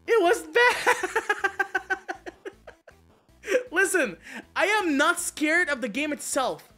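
A man streaming a game, chatting casually and telling stories, excitable and swearing a lot with frequent laughter. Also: extremely high pitch, takes it slowly, faint music behind. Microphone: streaming mic.

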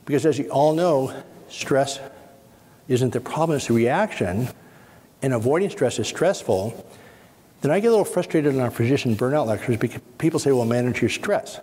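Calm man leading a workshop in a hall. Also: medium pitch, normal speed. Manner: calm, instructive, gives step-by-step directions. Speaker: spine surgeon giving a workshop. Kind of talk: guided exercise and lecture to an audience. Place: conference hall. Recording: husky voice in a reverberant hall.

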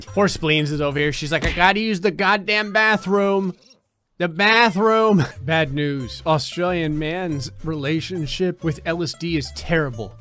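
A man doing lively let's play commentary on a life-sim game, jokey and often laughing, with sudden high yelps. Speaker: gaming YouTuber.

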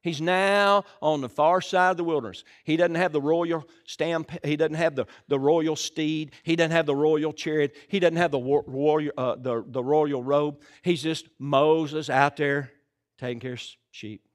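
An older man with a Southern US accent, a pastor preaching a live sermon in a church, folksy and joking, breaking into shouts. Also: on the high side, steady tone, moderate pace.

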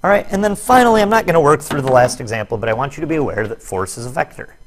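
A man's voice: a little high, expressive, rapid-fire, a crowd in the background. A man teaching a physics lesson on net force, explaining worked problems step by step with jokey, self-deprecating asides. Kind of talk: recorded classroom lesson video.

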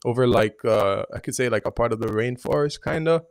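A man's voice: medium pitch, a little fast, clean tone, no echo, studio quality. A man joining an interview remotely over a video call, chatting in an easygoing way. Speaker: podcast guest. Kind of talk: casual interview chat. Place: home in Belize on a video call.

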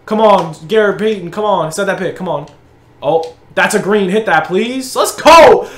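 A young man commentating his own basketball video game match, excitable, hyping his plays and groaning at misses. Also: high voice, echoey room. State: out of breath. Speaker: gaming channel host. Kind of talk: live gameplay commentary.

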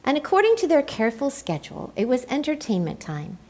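A woman reading a children's picture book aloud in an expressive, playful way. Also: sits high, brisk. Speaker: storyteller. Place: church.

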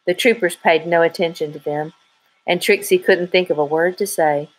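A woman reading a children's mystery novel aloud in an even, measured way. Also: fairly low pitch, poor audio. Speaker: audiobook reader. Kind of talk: storybook narration.

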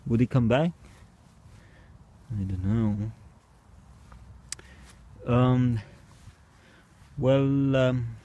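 A man's voice: mid-range voice, extremely slow, long pauses, mellow, lo-fi sound. A man talking casually outdoors at night as he runs a small experiment, hesitant and wondering, with bursts of animal imitations. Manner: hesitant, wondering, with bursts of mooing, barking and meowing. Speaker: vlogger.

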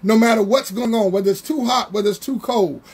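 A man preaching a Bible study sermon, drawing words out slowly for emphasis and calling out to members of the congregation. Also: high voice, a little mellow, breathy edge. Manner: preaching with slow, drawn-out emphasis and call-outs to congregation members.

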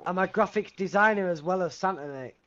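Man, role-play customer; high pitch, cheeky banter that bristles fast. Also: pushed and bright, highs cut off. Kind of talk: in-character role-play over game voice chat.

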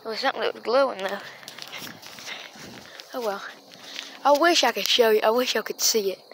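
A woman's voice: fairly high pitch, fairly quick. A woman vlogging outdoors at night, chatting and rambling to her viewers while holding a phone. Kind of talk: casual rambling vlog. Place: outdoors at night, yard and street. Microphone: phone held in hand. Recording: phone recording with steady background noise.

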